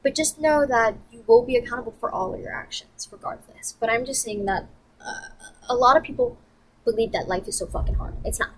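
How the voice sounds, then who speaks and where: A woman vlogger telling a story in a profane, animated, emphatic rant. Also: on the high side, brisk, breathy edge, poor audio.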